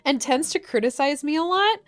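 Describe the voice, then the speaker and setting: A woman's voice: high-pitched, lively intonation, a little fast, soft background music. Woman reading posts aloud on stream. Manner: reads stories aloud with laughing asides. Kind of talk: casual group chat on a livestream.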